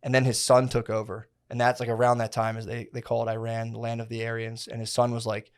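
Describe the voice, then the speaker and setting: A man in a podcast chat, spinning out a long story in loose slang and often restarting his sentences. His voice sits at an ordinary middle pitch. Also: monotone, fast talker, clean tone. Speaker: podcast co-host. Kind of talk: casual chat.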